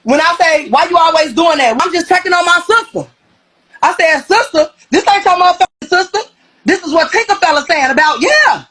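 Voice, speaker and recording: A woman retelling a fight on a live stream, blunt and profane, quoting the back-and-forth with animated heat. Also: very high voice, brisk, low-quality recording. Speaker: reality show cast member interviewed on a live stream. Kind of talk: heated storytelling on a live stream.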